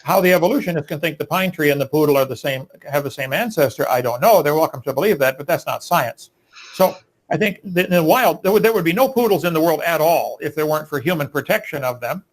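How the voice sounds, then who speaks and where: A man's voice: on the high side, lively intonation, quick pace, low-quality recording. A man arguing in a live debate, preachy and emphatic, firing rhetorical questions.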